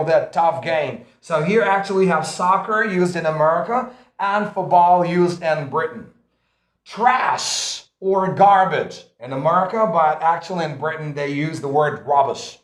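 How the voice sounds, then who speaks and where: A man teaching an English pronunciation lesson, deliberate and repeating each example word aloud. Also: a little high. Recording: echoey room.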